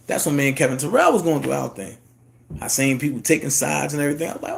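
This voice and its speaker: A man, telling a personal story in a casual monologue and jumping into high voices to quote people. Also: fast talker, gravelly. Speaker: YouTube commentator.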